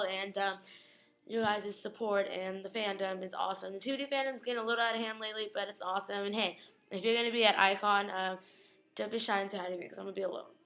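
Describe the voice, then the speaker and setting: A young woman giving a casual fan recap of a TV episode, chatty and slangy, acting out scenes in quick quoted asides. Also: medium pitch, a bit bright, poor audio.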